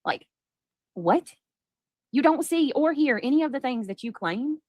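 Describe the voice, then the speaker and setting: A woman's voice: high voice, animated, measured pace, no room sound. Blunt, sarcastic woman streamer. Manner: blunt, sarcastic, swears freely. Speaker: livestreamer. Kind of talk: heated livestream argument.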